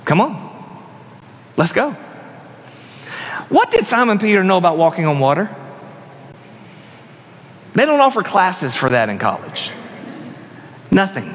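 A man preaching a sermon as a pastor, telling the story dramatically and dropping into hushed emphasis. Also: high voice, huge pitch swings, normal speed, long pauses. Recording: long reverb of a church hall.

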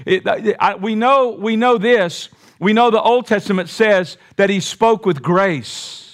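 A man's voice: high-pitched, a little slow. A man pastor preaching a sermon, emphatic, with rhetorical questions and calls for amen.

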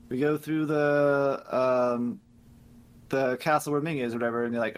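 A man talking casually on a game review podcast, his voice sitting a little high. He retells the story with profanity and quick mocking impressions of the characters. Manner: animated recap, acting out characters, swearing. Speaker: podcast co-host.

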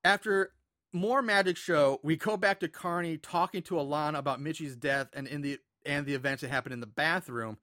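A man talks through a movie's plot in a loose, animated way, jumping into the characters' voices as he goes. His voice sits a little high, and the recording is dry and close with no room sound. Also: fairly quick, no echo. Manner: animated retelling with acted-out quotes and laughs. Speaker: podcast co-host recapping a film. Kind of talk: casual chat.

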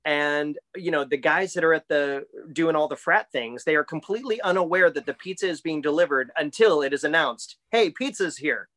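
Guy co-hosting a podcast, kinda high voice, rambles, laughs a lot. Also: fairly quick, hardly any pauses, pushed and bright. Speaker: podcast co-host. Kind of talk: casual chat.

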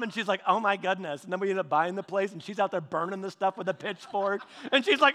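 Man, pastor, sermon, high voice, animated storytelling, repeats his words, long hall reverb. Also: fast talker, few pauses. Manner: animated storytelling with repetitions and restarts.

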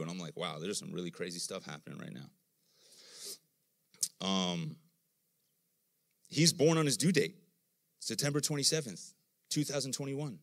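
This middle-aged man's voice sits on the low side, and he delivers his sermon fairly quickly while pausing often. He tells animated stories, acting out the voices he quotes.

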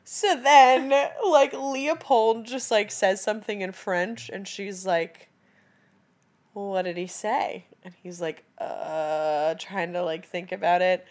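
A woman's voice: mid-range voice, unhurried, hardly any pauses. A woman co-hosting a podcast in casual chat, recapping a film with lots of "like" and acted-out quotes. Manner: animated, heavy use of "like", acts out quotes. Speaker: podcast co-host.

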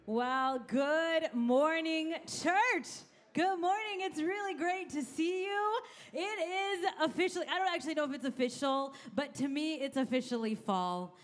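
High-voiced woman pastor preaching. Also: a little slow. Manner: energetic, conversational, asks congregation for responses. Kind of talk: sermon.

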